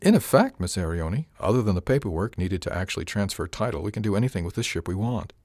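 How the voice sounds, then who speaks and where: A man voicing an older ship captain in an audiobook. He has a deep, dry voice and a measured, wry way of talking. The recording is close and without room sound. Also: very animated, darkish tone, no echo, full character voice. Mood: calm.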